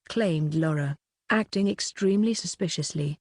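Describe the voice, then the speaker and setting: A woman narrating an audiobook with a steady, even reading. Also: fairly low pitch, normal speed, no room sound, clean studio sound.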